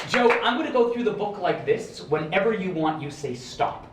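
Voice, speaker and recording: Showy young magician with a lively voice. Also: male voice, high voice, normal speed, few pauses, a crowd in the background, background noise. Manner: showy, playful, rising to excited shouts. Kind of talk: live magic act patter. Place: residential building elevator lobby. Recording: echoey room, heard from a distance.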